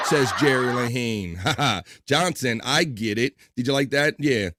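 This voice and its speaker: An upbeat man hosting a live online show, moving through viewer comments in a relaxed, chatty way. His voice sits at an ordinary male pitch. He teases and jokes easily with his audience. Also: moderate pace, no echo, clean studio sound. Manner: upbeat, joking banter with the chat and co-host. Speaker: live stream host. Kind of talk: casual live-stream chat, reading viewer comments.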